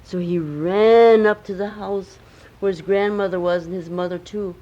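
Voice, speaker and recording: A woman's voice: mid-range voice, steady tone, normal speed, mellow, highs cut off. An older woman, a grandmother, telling a homemade bedtime story at home with chatty asides to the listening child.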